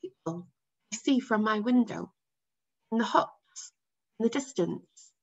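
A woman's voice: mid-range voice, lively intonation, unhurried. A woman reading aloud voices an anxious young boy who pleads with his father, nervous but defiant. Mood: pleading. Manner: pleading, upset. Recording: dull lo-fi sound.

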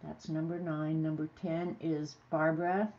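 A woman's voice: low voice, flat delivery, a little slow, lo-fi sound. A woman hosting a casual livestream, chatting to viewers and laughing easily as she reads funny bits aloud. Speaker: host.

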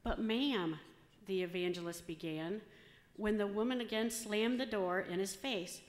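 A woman's voice: mid-range voice, moderate pace. A woman telling a joke to a church congregation in a chatty, casual way. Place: church sanctuary. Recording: echoey church hall with long reverb.

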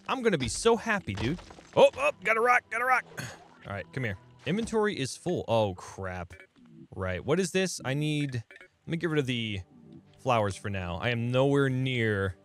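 A young man commenting on a game as he plays it, talking to viewers and yelping and laughing at surprises. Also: medium pitch. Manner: excitable, talks to viewers, yelps and laughs at surprises. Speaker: gaming channel host. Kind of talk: let's play commentary.

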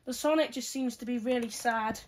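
A woman giving excitable play-by-play fight commentary, full of exclamations and counts. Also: a little high, brisk.

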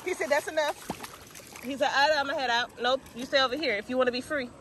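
A woman vlogging outdoors at a lake, cheering on and coaxing her dog in a lively, casual way. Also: high voice, quick pace, heavy background noise.

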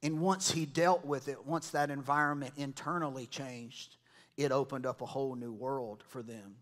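A man's voice: medium pitch, steady tone, normal speed, a bit bright. A man preaching a sermon as a pastor in a church, talking to the congregation in a conversational way and acting out quotes from other people.

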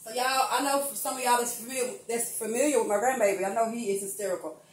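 A woman's voice: a little high, fast talker, a little hiss or hum. An older woman chatting casually to viewers as she cooks in her home kitchen, calling them y'all. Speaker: cooking vlogger. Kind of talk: casual home cooking vlog. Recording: echoey room, mic at a distance.

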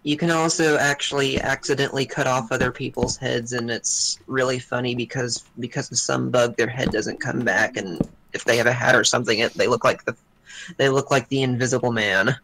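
A man's voice: mid-range voice, fairly even intonation, fairly quick. Guy rambling on stream while he plays, regular mid voice, bit of hiss behind him. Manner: rambling, chatty commentary while playing. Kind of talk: casual gaming chat.

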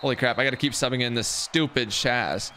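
A young man commenting on his own gameplay on a live stream, chatting with viewers and shouting when plays go wrong. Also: mid-range voice, fairly quick, a little hiss or hum. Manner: excitable, yelling in frustration, chatting with stream viewers. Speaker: gaming streamer. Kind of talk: live game commentary while playing.

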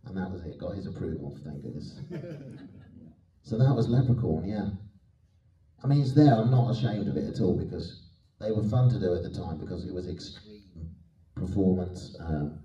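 Male panel guest, low pitch, mellow tone, easygoing storyteller; roomy hall sound, distant mic. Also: lively intonation, moderate pace. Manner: chatty, self-deprecating, laughs often. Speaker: guest actor on a convention panel. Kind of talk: anecdotal panel Q&A. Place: convention hall.

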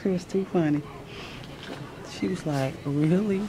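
A woman's voice: on the low side, a little slow, background noise. A nervous woman vlogging casually to a handheld camera at home and in a hospital pre-op room, chatty, slangy and laughing often. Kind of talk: casual vlog chat to camera.

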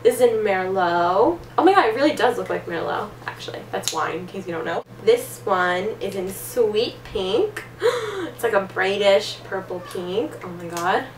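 A young woman unboxing makeup gifts in a casual vlog, excitable and gushing, gasping often. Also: medium pitch, normal speed, echoey room, far from the mic, noisy background. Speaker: beauty vlogger.

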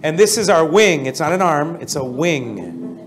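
A man leading a prayer seminar as pastor, energetic and constantly asking the audience questions, with an American accent. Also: a little high, a little slow, a little hiss or hum. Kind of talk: interactive seminar teaching.

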